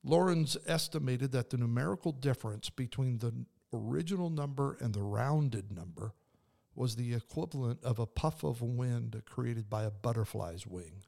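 A man's voice: medium pitch, normal speed, creaky, dark tone. A man hosting a faith podcast, speaking earnestly and conversationally with frequent restarts. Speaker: podcast host and preacher. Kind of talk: devotional podcast talk.

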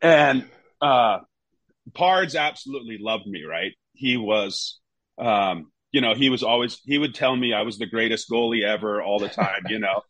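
A former goalkeeper with a fairly low voice tells stories casually in an interview, speaking at normal speed on a rough recording without echo. He's an animated storyteller, acting out his coaches in a raised voice.

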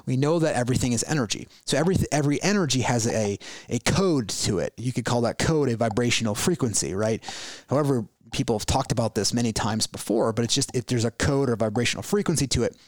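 A man's voice: mid-range voice, quick pace, no room sound. A man hosting a solo podcast, giving a reflective spiritual talk full of rhetorical questions and restarts. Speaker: podcast host.

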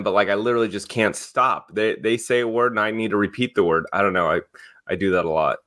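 A man's voice: fairly low pitch, fast talker, a bit bright. A man co-hosting a celebrity news podcast, chatting casually and running through the week's stories in an upbeat way. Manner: upbeat, reads stories conversationally. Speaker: co-host. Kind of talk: casual chat and news rundown.

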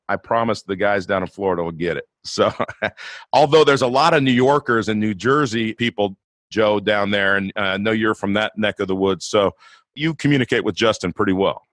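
A man hosting a podcast, talking in a friendly, rambling way with quick asides. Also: fairly low pitch, a bit bright, no room sound. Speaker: podcast host. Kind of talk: casual podcast chat.

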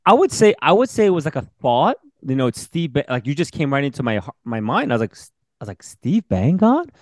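A senior pastor who hosts a podcast tells a story casually in an interview, speaking quickly in a mid-range voice. He's animated and acts out the voices of the people he quotes. The recording is dry and studio quality.

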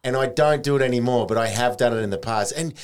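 An Australian man hosting a podcast, telling stories in a casual, animated way with plenty of colourful slang. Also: medium pitch, fast talker, clean tone. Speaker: podcast host. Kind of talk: casual chat.

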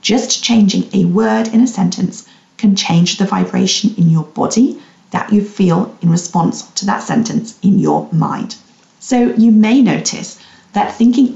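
A woman hosting a solo podcast, gently guiding listeners with reflective questions as a weight-loss coach. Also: mid-range voice, unhurried, gravelly. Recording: roomy, slightly dull recording.

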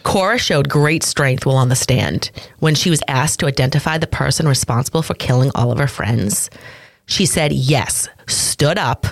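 A woman co-hosting a true crime podcast, reading out case details and breaking in with quick reactions and jokes. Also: rumbling low, gravelly, dry recording. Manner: reads case notes then jokes and comments. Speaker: podcast co-host.

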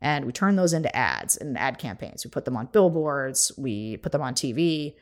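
A woman co-hosting a podcast, talking through a political campaign in a brisk, animated way with quick laughs. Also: extremely low pitch. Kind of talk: casual political chat.

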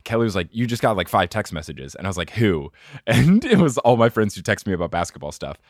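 A man co-hosting a casual sports podcast, talking in loose, rambling asides. His voice sits a little low but jumps around a lot in pitch. The recording is close and dry, with no room sound. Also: dry recording. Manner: animated, rambling, quick asides. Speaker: podcast co-host.

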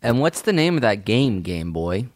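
Man, 30s, podcast co-host, deadpan self-mocking, low voice, dry close sound. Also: moderate pace, no room sound. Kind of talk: casual chat.

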